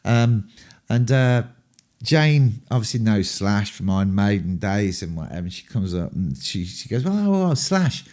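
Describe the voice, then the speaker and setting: A mellow, warm-toned man with an English accent tells candid anecdotes from his rock-and-roll days. He rambles, swears freely and fills his pauses with ums. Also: on the low side. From England. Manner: rambling, profane, full of ums. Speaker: rock band frontman.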